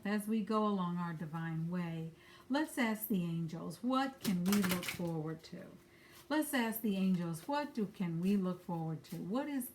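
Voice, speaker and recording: A woman with a slightly low voice gives an angel-card reading in a frank, chatty way. She swears casually and drops friendly asides as she speaks from home. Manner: candid, blunt, swears casually. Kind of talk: spiritual guidance talk. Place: at home with a dog nearby.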